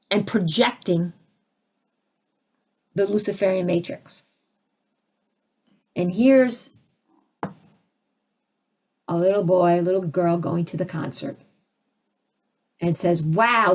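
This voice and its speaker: A woman teaching a spiritual session in an animated, conversational way, answering audience questions as they come in. Her pitch sits mid-range for a woman. She jumps into acted voices of the people she describes, swinging up high and then dropping back down. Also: takes it slowly, long pauses, slightly rough.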